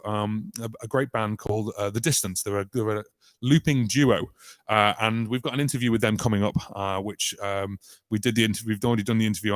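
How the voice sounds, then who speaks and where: A man's voice: on the low side, no echo. A British man hosting a casual live-stream tutorial on looping, talking in a chatty, rambling way with many ums and restarts. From United Kingdom. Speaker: loop musician and channel host. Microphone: vocal mic through a vocal effects unit.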